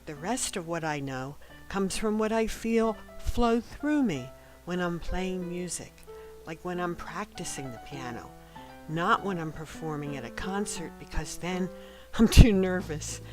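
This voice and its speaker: A woman narrates a novel in a calm, scripted first-person telling. Her delivery is gentle and even, and sometimes sinks to a near-whisper. Faint music plays underneath. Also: on the low side, measured pace, low-quality recording. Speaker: audiobook narrator.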